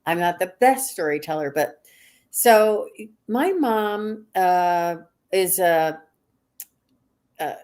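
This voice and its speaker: A woman's voice: fairly low pitch, animated, slow pace, pauses often, darkish tone. A middle-aged woman, a guest psychic, tells a story casually with many fillers and restarts. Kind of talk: casual storytelling on a live stream.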